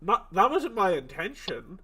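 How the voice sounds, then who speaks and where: A man's voice: sits high, big pitch swings, measured pace, bright, forceful tone, husky. A man hosting a tabletop game stream as game master, joking and rambling with fillers.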